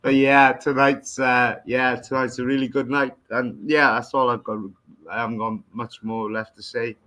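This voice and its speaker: A man's voice: mid-range voice, little pitch movement, moderate pace, bright, forceful tone. Easygoing man hosting a laid-back chat. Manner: easygoing, laughing, hesitant fillers. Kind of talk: casual chat.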